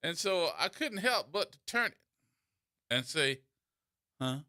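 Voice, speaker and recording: A man hosting a call-in radio show, telling stories in an animated way with repeats and restarts, into a studio microphone. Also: high-pitched, a little slow, dry recording. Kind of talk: call-in talk radio monologue.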